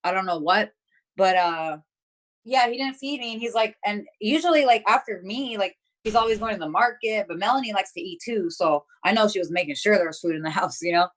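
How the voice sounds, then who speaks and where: A woman's voice: mid-range voice, expressive, fairly quick. A young woman talking as an interview guest, telling a story bluntly with lots of swearing and filler words. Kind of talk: casual chat.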